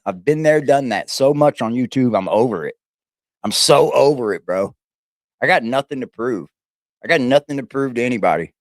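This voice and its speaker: A man's voice: medium pitch, no room sound, clean studio sound. A man hosting a reaction livestream, talking casually in a rambling, repetitive and emphatic way, with some swearing.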